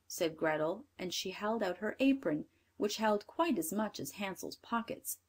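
Lady reading a fairy tale, clear and measured, mid pitch. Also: animated, darkish tone. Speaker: narrator. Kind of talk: scripted storybook narration.

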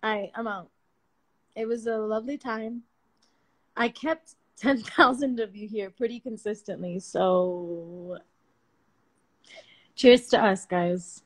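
A woman's voice: a little high, animated, slow pace, creaky, long pauses. Chatty playful woman on a phone livestream. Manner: chatty, slangy and playful, laughs often. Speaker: livestream host. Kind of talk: casual livestream chat. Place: home at night.

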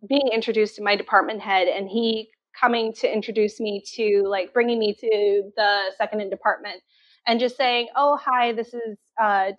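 A woman's voice: medium pitch, no echo. A woman from Canada telling her teaching story as an interview guest, candid and full of fillers. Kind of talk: casual interview. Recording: dull lo-fi sound.

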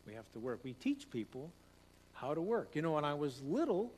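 A man's voice: a little high, very animated, brisk, a little mellow, slightly rough. A man preaching a conversational sermon as pastor, repeating phrases and speeding up as he tells stories. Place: church sanctuary. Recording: long hall reverb, faint hum.

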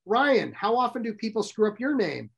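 A middle-aged man presenting a workshop to a live audience, brisk and direct, often asking the audience questions. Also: high-pitched, big pitch swings, gravelly, fairly bright tone, slightly rough, muffled recording.

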